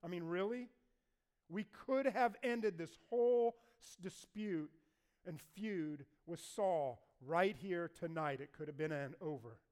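A male pastor preaching a sermon in a church. His voice sits high for a man and sounds smooth and resonant. He tells the story in a lively way and acts out what each figure says. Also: unhurried. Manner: animated storyteller acting out voices.

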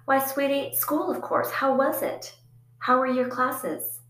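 A soft, doting middle-aged mother from a storybook, gentle and fussy, her voice lifted a little higher and sweeter, as a woman reader puts her on. She coaxes in a tender, hovering way. The reading carries an echoey room around it. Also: steady tone, takes it slowly, recorded from a distance.

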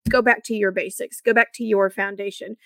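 Gravelly-voiced woman podcast host. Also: mid-range voice, steady tone, a little fast, a bit bright, no room sound, studio quality. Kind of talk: casual interview chat.

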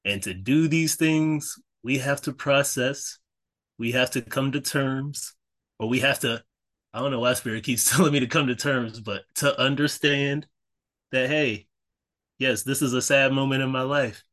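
A man's voice: mid-range voice, fairly even intonation, unhurried, fairly bright tone. A man co-hosting a podcast in a casual, earnest way, encouraging listeners with faith-driven talk and many fillers and self-corrections. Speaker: podcast co-host.

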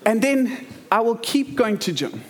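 A man with a South African accent preaching a sermon, mixing scripture with lively stories and humor. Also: very high-pitched. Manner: lively storytelling, quick asides and humor. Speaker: pastor.

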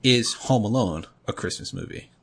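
A man's voice: medium pitch, expressive, moderate pace, a bit bright, husky. A man co-hosting a podcast in casual chat, telling rambling stories full of fillers. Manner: rambling storyteller, heavy on fillers. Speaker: podcast co-host.

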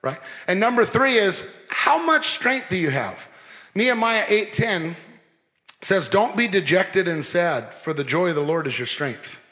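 A man preaching a lively sermon as pastor, joking and mimicking people as he talks. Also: high-pitched, unhurried. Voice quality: animated, playful, mimics people. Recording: long hall reverb.

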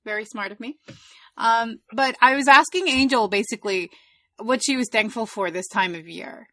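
Female host, middle-aged, relaxed casual chat, dry close mic. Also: on the high side, normal speed, no echo. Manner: relaxed, reflective, with fillers. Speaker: podcast host.

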